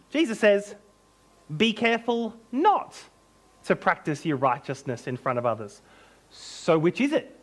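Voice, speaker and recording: A man preaching a sermon as pastor, emphatic and animated, with joking asides. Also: sits high.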